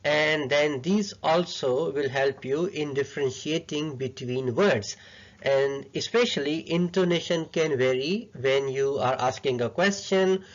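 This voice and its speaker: A man's voice: fairly high pitch, a little slow. Non-native man teaching pronunciation, lo-fi. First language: not English. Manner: patient, repetitive coaching, non-native phrasing. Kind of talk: instructional lesson. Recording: dull lo-fi sound.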